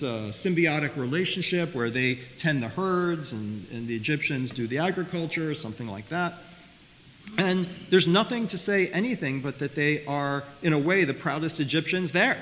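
Animated man teaching scripture in a reverberant hall. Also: on the high side, moderate pace. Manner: animated, repeats words, asks questions of listeners. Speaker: Torah teacher. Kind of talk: lively Bible study lecture. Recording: faint hiss, long reverb.

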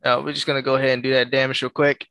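A man playing a tabletop role-playing game, talking casually and thinking out loud in halting bursts. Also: medium pitch, flat delivery, smooth, no echo. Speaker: player.

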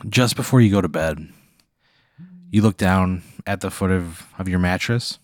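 A man's voice: sits low, moderate pace, a little mellow, dry recording, studio quality. A man co-hosting a comedy podcast, rambling through an absurd improvised hypothetical. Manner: rambling, building an absurd scenario.

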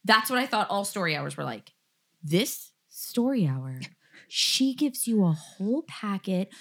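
A woman's voice: medium pitch, measured pace. A woman hosting a podcast in casual chat, telling stories animatedly, full of "like" and acted-out quotes. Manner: animated storyteller, heavy use of "like", acts out quotes. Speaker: podcast host.

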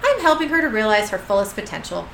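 A woman's voice: medium pitch, very animated, fast talker, vocal fry, fairly bright tone, slight background noise. A woman reading as a sardonic male demon king. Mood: mocking. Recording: echoey room with faint ambience.

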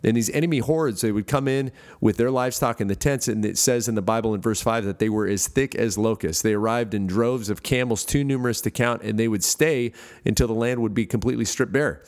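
A man's voice: mid-range voice, brisk, darkish tone. A middle-aged man from the United States preaching a sermon as pastor, earnest, with frequent fillers and restarts. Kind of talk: podcast sermon.

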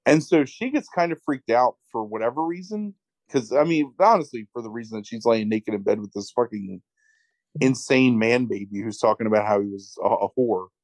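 A man casually recapping a movie plot on a podcast, swearing freely and telling it with lively energy. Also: mid-range voice, moderate pace, dry recording, poor audio. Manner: profane, animated retelling with acted quotes. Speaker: podcast co-host.

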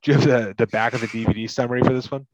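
A man's voice: medium pitch, fairly even intonation, racing, rough recording. A man from Massachusetts co-hosting a casual movie podcast, rambling with lots of "like" and "you know". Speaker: podcast co-host.

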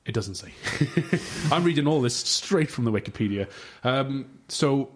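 A man's voice: medium pitch, expressive, measured pace, slightly rough. A man hosting a casual podcast chat, reading notes aloud in a rambling, sweary way and tripping over long words. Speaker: podcast host.

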